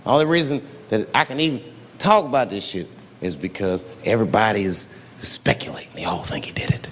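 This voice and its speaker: A middle-aged man performing a stand-up comedy routine, telling stories with lively delivery and playful character voices. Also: on the low side, a little fast. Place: large venue with live audience. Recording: live hall recording with crowd noise.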